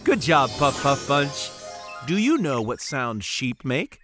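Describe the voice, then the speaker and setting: A goofy, forgetful grown-up cartoon guide, as a voice actor plays it, whose voice swings wildly up and down. The pace is slow and deliberate. Clear music plays behind the voice. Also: big pitch swings. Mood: playful. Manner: warm, playful, teasing, exaggerated pitch swings. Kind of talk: cartoon voice acting for preschoolers.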